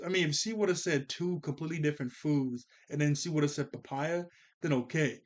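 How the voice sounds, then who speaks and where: A man's voice: on the high side, a little fast. A man reviewing a cartoon episode in a casual, rambling way, laughing often and checking that listeners follow him. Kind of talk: casual commentary.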